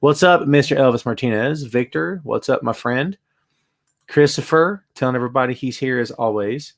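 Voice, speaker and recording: A man's voice: mid-range voice, normal speed, creaky. A man hosting a casual live-streamed wrestling podcast from his home, chatty and greeting viewers by name. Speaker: podcast host. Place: home room with bass amp.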